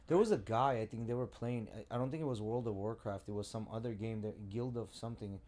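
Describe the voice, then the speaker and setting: A man's voice: fairly low pitch, quick pace. A man co-hosting a podcast, telling stories with lots of swearing in casual chat. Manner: profane, animated storytelling. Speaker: podcast co-host.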